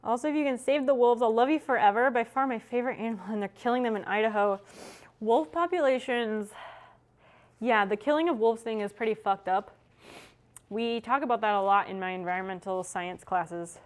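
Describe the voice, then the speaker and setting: A woman's voice: fairly high pitch, a little fast. A young adult woman streamer chatting casually with her viewers as she works, swearing freely. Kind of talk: casual chat with chat while working.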